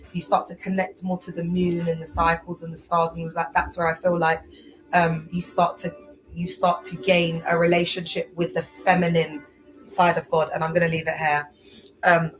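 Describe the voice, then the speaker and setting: A woman in her thirties, feeling unwell, hosts a live stream and chats loosely about faith, using plenty of fillers. Her voice sits low, and the recording is rough.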